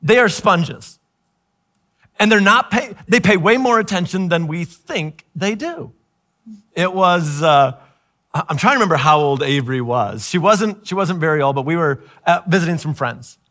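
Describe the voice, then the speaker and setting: A middle-aged man, a pastor, telling a family story in sermon style, animated and laughing as he acts out the voices in it. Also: on the high side, normal speed.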